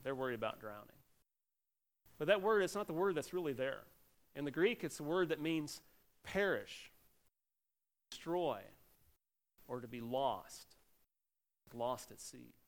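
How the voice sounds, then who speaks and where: A middle-aged man, a pastor, giving a sermon in an animated preaching manner with sudden loud exclamations. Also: medium pitch, measured pace, pauses often.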